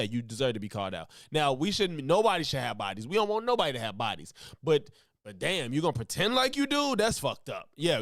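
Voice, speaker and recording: A man's voice: medium pitch, no room sound, studio quality. A man co-hosting a casual chat, blunt and profane, cutting in with short remarks.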